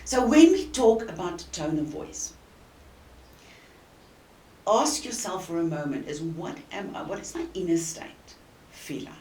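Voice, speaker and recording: A woman with a South African accent giving an earnest, emphatic coaching talk to the camera, with deliberate pauses. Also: lowish voice, animated, dark tone. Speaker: communication coach. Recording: roomy and distant with faint hiss.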